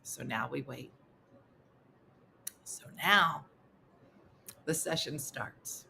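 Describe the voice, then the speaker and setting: A woman comedian and host telling a funny story with animated exasperation. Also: very deep voice, extremely slow, vocal fry, a little hiss or hum. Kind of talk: comic storytelling.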